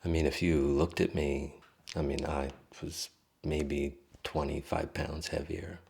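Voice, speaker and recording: A man with an extremely deep, husky voice tells his story in an interview. He speaks candidly and reflectively, pausing often between thoughts. His low, rough tone stays calm and unhurried. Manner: candid, reflective, with pauses and fillers.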